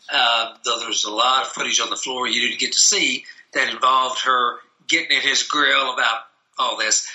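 A filmmaker being interviewed casually about the short film he wrote, his medium-pitched voice bright and forceful. He rambles with lots of fillers and restarts, and the audio sounds dull.

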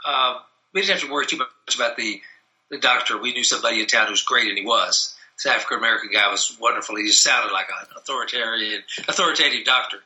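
Talking fast in a pushed, bright medium-pitched voice, this filmmaker chats about a short film he wrote during a casual interview. His answers ramble, full of fillers and false starts, and the recording has its highs cut off.

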